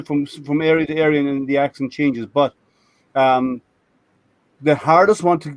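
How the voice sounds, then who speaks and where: A man, hosting a casual group chat on a live stream over a voice call, talking in halting, rambling sentences full of restarts. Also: on the high side, dry recording. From Michigan, United States. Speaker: host.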